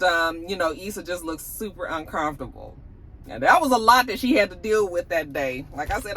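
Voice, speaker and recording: A woman's voice: on the low side, a little hiss or hum. A woman, casually recapping a TV episode for her channel and acting out the characters' lines as she goes. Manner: animated storytelling, acts out characters' lines. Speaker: TV review vlogger. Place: at work on lunch break.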